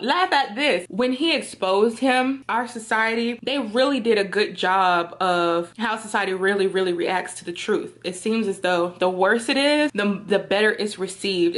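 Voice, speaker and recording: A woman vlogging a casual, slangy film review to her viewers, animated and often laughing. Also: medium pitch. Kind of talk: casual chat to camera.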